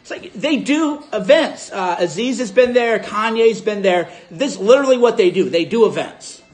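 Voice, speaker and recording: A man casually recounting a story to his audience, acting out both sides of an argument with animated delivery. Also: high voice, normal speed. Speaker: host.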